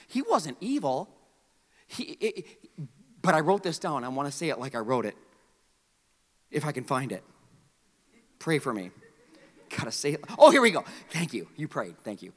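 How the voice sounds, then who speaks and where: A man preaching a sermon, animated, dropping to quiet asides and then rising to near shouts. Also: a little high. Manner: animated, swings from hushed to shouting. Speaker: pastor. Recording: long hall reverb.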